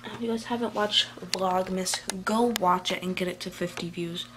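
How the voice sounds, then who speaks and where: A woman's voice: on the low side, fairly even intonation, moderate pace, background noise. A woman talking casually to her phone camera at home in a meandering vlog, full of fillers and restarts. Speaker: vlogger. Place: at home, indoors. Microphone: handheld phone camera.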